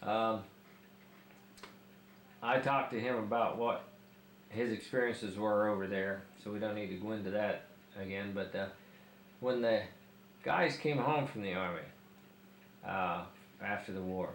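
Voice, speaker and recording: A man asking questions in a family oral history interview, pausing often with fillers as he works out what to ask. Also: lowish voice. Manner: hesitant, many fillers while framing questions. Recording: echoey room, faint background hiss.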